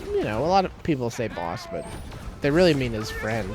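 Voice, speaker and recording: A man's voice: medium pitch, big pitch swings, fairly quick, music in the background. A man giving casual, joking commentary while playing a video game with a friend, rambling with many fillers. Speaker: let's play co-host.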